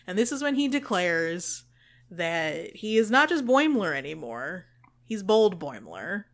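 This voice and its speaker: A woman's voice: fairly low pitch, sing-song, unhurried. A woman co-hosting a podcast, recapping an episode in casual, gushing chat and swearing freely. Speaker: podcast co-host.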